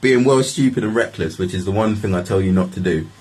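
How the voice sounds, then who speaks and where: A man's voice: lowish voice, quick pace, a little mellow, husky. A man telling a story in a loose, casual way, swearing freely and filling his talk with fillers.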